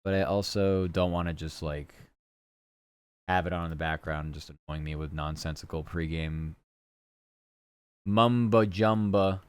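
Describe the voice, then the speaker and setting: Lower-voiced man rambling on a stream. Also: a little slow, long pauses, clean tone, dry recording. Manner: rambling, loose and chatty, with casual swearing. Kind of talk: casual live-stream chat.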